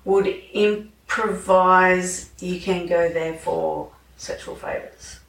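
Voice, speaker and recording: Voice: mid-range voice, fairly even intonation, takes it slowly, vocal fry, a bit bright. A podcast co-host chatting casually in short interjections and laughing along. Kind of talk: casual chat. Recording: echoey room, distant mic.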